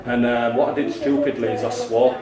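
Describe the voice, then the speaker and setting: Fast, passionate man in echoey lobby. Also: medium pitch, fairly even intonation, distant mic, a crowd in the background. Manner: passionate, insistent, says "mate" constantly. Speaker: citizen journalist filming police. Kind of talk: heated confrontation on camera. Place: police station front counter. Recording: echoey lobby, off-mic, busy background.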